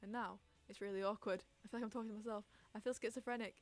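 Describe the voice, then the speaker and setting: A woman's voice: mid-range voice, fairly even intonation, racing. A young woman hosting a casual chat podcast on stream, rambling, giggling and reading out chat messages.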